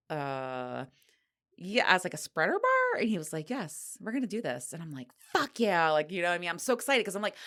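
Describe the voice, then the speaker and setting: A middle-aged woman with a low voice hosts her own podcast alone. She talks frankly and breathlessly, laughing and sighing as she goes. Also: fairly bright tone. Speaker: podcast host. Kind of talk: candid solo podcast monologue.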